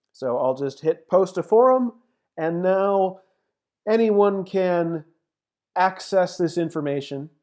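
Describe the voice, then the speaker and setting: A woman mathematics lecturer with a dark-toned voice on the low side works through a math problem on screen in a screen-recorded lecture. She thinks aloud methodically as she types and reads out long numbers.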